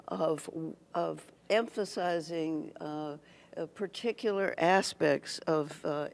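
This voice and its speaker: A speaker gives a prepared address to a meeting hall, picking each word slowly and carefully. The voice has a gravelly, creaky edge, and the delivery stops and restarts often. Pitch sits in an ordinary middle range. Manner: deliberate, halting, many pauses and restarts. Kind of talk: prepared public speech.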